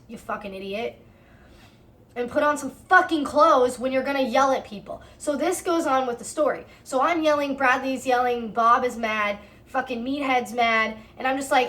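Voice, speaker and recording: A woman in her twenties tells a long storytime vlog with heated, profane energy. Her voice sits a little high. She replays her own side of the arguments in the telling. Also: normal speed, a bit bright. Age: 20s. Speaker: storytime vlogger. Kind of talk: casual storytime narration.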